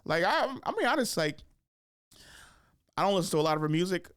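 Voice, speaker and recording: A man's voice: high voice, very animated, fairly quick, a bit bright, clean tone, dry recording, studio quality. A young man hosting a podcast in casual comedic chat, swearing freely and acting out voices. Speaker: podcast host.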